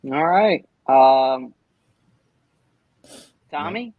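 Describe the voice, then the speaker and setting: A man's voice: on the high side, animated, drawn-out words, no echo, narrow, tinny audio. A man hosting a casual sports podcast, upbeat and easygoing, laughing along with his friends. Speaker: podcast host. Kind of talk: casual chat.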